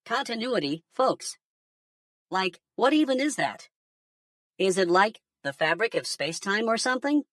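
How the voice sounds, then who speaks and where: A woman's voice: medium pitch, sing-song, normal speed, a bit bright, dry recording, studio quality, far from the mic. A woman voicing a laid-back male alien pundit who curses and mocks humans in synthetic news commentary. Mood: mocking. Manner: cursing, mocking, stoner-casual.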